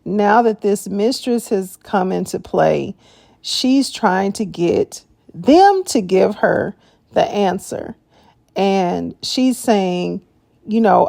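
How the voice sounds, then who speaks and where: Slow-talking, animated woman host. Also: medium pitch, creaky, dry recording, clean studio sound. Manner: expressive, exclaiming, laughing often. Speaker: reaction video host. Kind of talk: casual reaction commentary.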